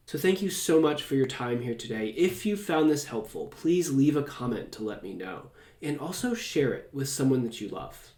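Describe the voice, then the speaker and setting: Soft-spoken man guiding a calm meditation. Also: mid-range voice, echoey room. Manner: soft, slow and soothing, drawn-out phrases. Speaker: host. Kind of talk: calm guided meditation talk.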